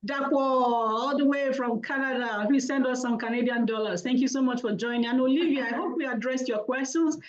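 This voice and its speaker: A woman hosting an online talk, warmly thanking attendees one by one by name over a video call. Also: sits high, steady tone, fairly quick, few pauses. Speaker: host of an online money talk. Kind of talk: casual thank-yous and roll-call at the close of a video call. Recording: dull lo-fi video call audio.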